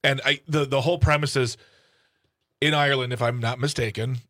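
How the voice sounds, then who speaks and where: A man's voice: mid-range voice, steady tone, a little fast, pushed and bright, no echo, clean studio sound. A man co-hosting a radio show, chatting casually with rambling, self-interrupting jokes. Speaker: radio co-host. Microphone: studio microphone.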